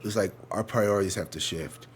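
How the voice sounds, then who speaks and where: A man with a slightly low voice talks through a tarot reading from his living room. He rambles, curses without a filter and doubles back mid-sentence. When he quotes people, he jumps into exaggerated, mocking voices. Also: a little fast, a little hiss or hum. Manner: candid and profane, rambling with many restarts. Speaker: tarot reader. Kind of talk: casual tarot reading with storytime.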